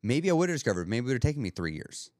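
A man's voice: mid-range voice, big pitch swings, racing, darkish tone, dry recording, clean studio sound. A man hosting a podcast, talking earnestly and motivationally in a reflective monologue. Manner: earnest, motivational, thinking aloud with restarts. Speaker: podcast host.

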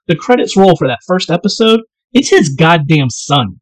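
A man co-hosting a casual podcast over whiskey, telling stories in a relaxed way and saying "man" often. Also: on the high side, moderate pace, few pauses, dry recording, low-quality recording. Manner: relaxed storyteller, laid-back, says "man" a lot. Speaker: podcast co-host.

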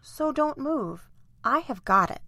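A woman voicing a young girl, scared but brave, in a high, childlike, pleading voice. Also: expressive, measured pace, no room sound. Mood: serious.

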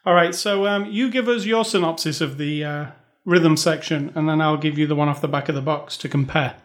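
A man's voice: a little high, fairly quick. A British man co-hosting a movie podcast in casual chat, dry and joking with frequent fillers. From Britain. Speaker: podcast co-host.

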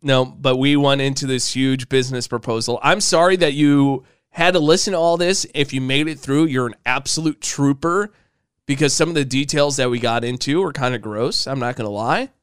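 A man's voice: mid-range voice, moderate pace, clear, resonant tone, dry recording, studio quality. A young man co-hosting a podcast, teasing and joking in casual chat with his partner. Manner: teasing, playful, jokey. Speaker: podcast co-host.

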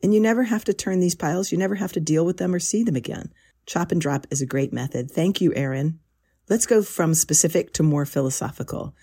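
A woman's voice: on the low side, brisk, dark tone, husky. A woman hosting a gardening podcast, introducing guests with a friendly, lightly humorous manner. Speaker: podcast host.

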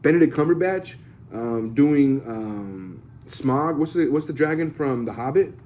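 A man's voice: medium pitch, animated, a little slow, darkish tone, dull audio, a little hiss or hum. A man co-hosting a casual podcast chat, rambling and swearing as he acts out quoted voices. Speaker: podcast co-host.

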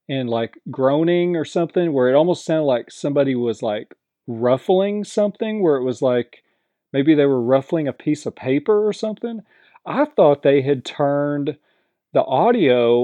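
A man's voice: fairly high pitch, dry recording, phone-quality sound. A man casually recapping a reality show episode, rambling with lots of fillers and acting out quoted lines.

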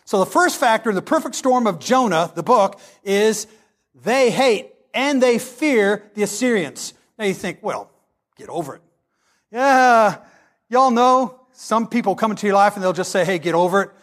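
A man's voice: sits high, normal speed. A male pastor preaching a sermon, telling stories in a folksy, emphatic way. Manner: animated storytelling, folksy and emphatic.

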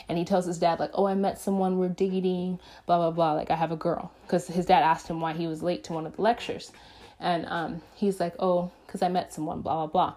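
A woman casually retelling a movie plot, chatting with lots of fillers and acting out the characters' quotes. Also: fairly low pitch. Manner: chatty storytelling with acted-out quotes and frequent fillers. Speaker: movie reviewer. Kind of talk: casual film recap.

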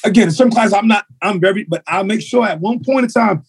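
A man, a martial arts school owner, talking bluntly and telling animated stories with street slang on a podcast. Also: sits high, fairly quick, breathy edge, no echo. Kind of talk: casual podcast conversation. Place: podcast recording.

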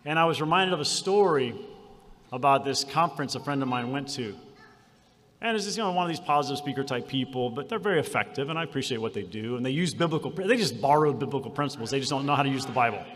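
A man preaching a sermon, moving from quiet storytelling to shouted declarations. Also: mid-range voice, animated, quick pace, big-room sound. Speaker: pastor. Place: conference hall.

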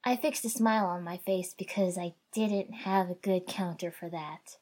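Husky woman reading wry fan fiction. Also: lowish voice, normal speed. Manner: wry, conversational narration with loud shouted dialogue. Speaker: audiobook narrator.

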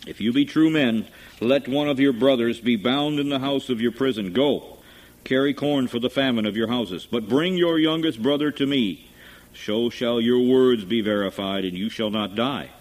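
A man reading aloud as a stern male governor, speaking in a commanding, measured way. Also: medium pitch, close to an everyday voice, poor audio. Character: stern male governor testing his brothers. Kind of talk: scripture reading.

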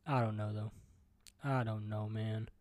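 A mellow-voiced man ranting alone on his podcast from home. He rambles from one topic to the next, swears freely, and stutters and restarts often. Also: fairly low pitch, level tone, measured pace. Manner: rambling, profane, jumps between topics. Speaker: podcast host. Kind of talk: solo podcast rant.

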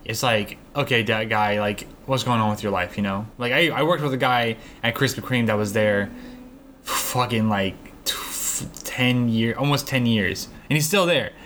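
A man's voice: medium pitch, normal speed, a bit bright, slight background noise. A man in his twenties in casual chat, blunt and swearing heavily as he rants. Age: 20s.

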